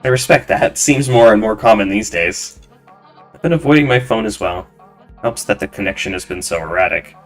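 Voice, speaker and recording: A man voicing a kind, grieving woman behind a bar in a narrative game, speaking softly and sympathetically. Her lines rise and fall with lively pitch. Faint game music plays under the voice. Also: normal speed, lightly acted. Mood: sympathetic.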